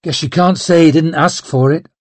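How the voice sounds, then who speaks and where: A chatty, worried young sidekick with a pitched-up, eager voice, put on by a male narrator. husky and dry, read close to the mic in an audiobook. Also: normal speed, darkish tone, no echo, lightly acted.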